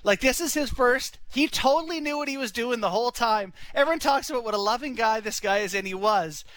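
A man's voice: very high-pitched, brisk, fairly bright tone, no echo, low-quality recording. A young man telling a long personal story in a rambling, casual way, full of "you know" and "like". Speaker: son-in-law telling a story.

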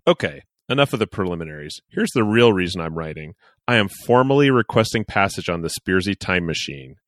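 A man's voice: deep voice, fairly quick, few pauses, no echo, clean studio sound. A man co-hosting a podcast, reading a listener's letter aloud with jokey asides. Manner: animated, jokey, reads aloud with playful asides. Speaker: podcast co-host.

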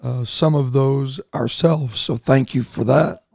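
A man's voice: medium pitch, fairly even intonation, a little slow, creaky, darkish tone, dry recording, studio quality. A man hosting an interview, offering encouraging responses to his guest. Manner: encouraging backchannels and laughter. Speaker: interview host. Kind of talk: casual interview.

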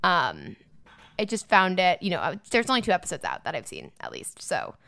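A woman's voice: on the low side, huge pitch swings, fairly quick, vocal fry, sharp tone, no echo. A young woman talking casually on a podcast, rambling with many fillers. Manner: rambling, frequent likes, frank. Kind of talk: casual chat.

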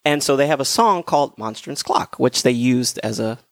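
On a podcast, a man co-hosts with a medium-pitched, very animated voice at a moderate pace, with some vocal fry. He chats casually and rambles with plenty of fillers. The studio sound is clean, with no room sound.

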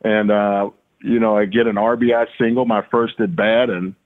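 A man's voice: fairly low pitch, little pitch movement, normal speed. A middle-aged man from Louisiana, a former baseball player, telling stories in a rambling, casual way with many fillers and repeated words. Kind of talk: casual storytelling interview. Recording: tinny phone-like line.

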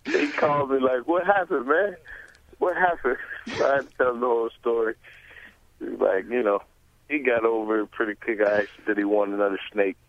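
A man's voice: on the low side, steady tone, fairly quick, no echo. A man, a guest, telling a story in a laid-back way with short clipped sentences, heard over a tinny phone-like line. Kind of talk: casual storytelling.

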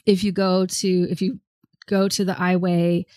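A woman's voice: on the low side, little pitch movement, measured pace, warm tone, no room sound, clean studio sound. A woman co-hosting a casual chat, talking thoughtfully with frequent ums and restarts. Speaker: podcast co-host.

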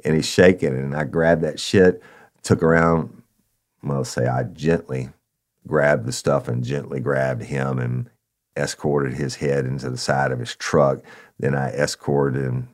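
A former cop tells a story on a podcast in an extremely low, steady, unhurried voice. He's blunt, profane, and conversational, speaking straight to his listeners and calling them "y'all."

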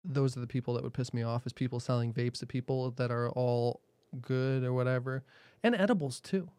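A man's voice: medium pitch, brisk, darkish tone, clear, resonant tone, dry recording. A man who hosts a podcast, answering interview questions in a blunt, profane, laid-back way and laughing often. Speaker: podcast host.

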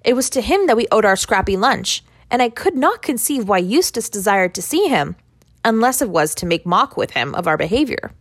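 A woman narrating a classic short story in a measured first-person telling. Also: medium pitch, sing-song, breathy edge, no room sound, studio quality. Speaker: audiobook reader.

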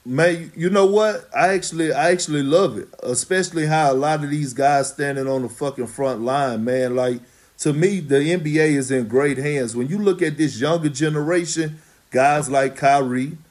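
Profane, emphatic retired athlete. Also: male voice, on the high side, darkish tone. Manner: blunt, profane, slow and emphatic. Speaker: retired basketball player guest. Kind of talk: casual podcast chat.

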